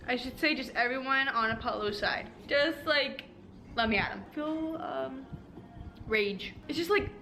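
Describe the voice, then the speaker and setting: A young woman book vlogger chatting casually, bubbly and excitable, with sudden squeals. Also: high-pitched, a little hiss or hum. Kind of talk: casual reading vlog.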